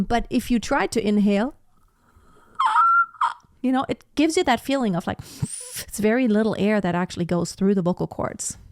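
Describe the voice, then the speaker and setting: A woman opera singer reacts casually to a performance, enthusiastically explaining vocal technique and singing short demonstration notes. Her mid-range voice is mellow, and the recording is studio quality with no echo.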